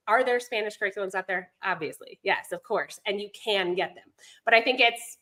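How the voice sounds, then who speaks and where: A woman's voice: medium pitch, bright, forceful tone. A woman guest on a podcast interview, chatty, often digressing with fillers. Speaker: guest, homeschooling mom and language instructor.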